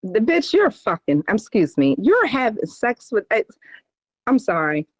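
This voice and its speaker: A woman's voice: on the high side, wildly swooping pitch, moderate pace, no echo, rough recording. A woman co-hosting a podcast, talking bluntly and emphatically in casual chat with a lot of cursing. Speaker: podcast co-host.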